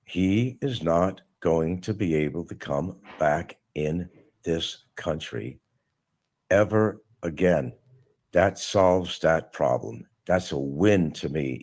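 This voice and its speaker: A man's voice: sits low, darkish tone. A middle-aged man hosting a live stream, talking casually and mocking someone with sarcasm. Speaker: livestream host. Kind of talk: casual livestream monologue.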